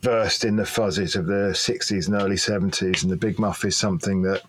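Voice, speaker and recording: Relaxed man with a lowish voice. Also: a little fast. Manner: relaxed, rambling, many fillers. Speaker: guest, pedal maker. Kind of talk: casual interview chat.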